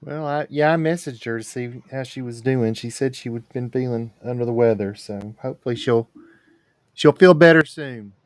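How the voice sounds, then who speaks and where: A man's voice: medium pitch, steady tone, brisk, hardly any pauses, darkish tone, dry recording. A man hosting a casual livestream, bantering with dry jokes and rambling asides. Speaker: livestream host. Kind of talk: casual chat.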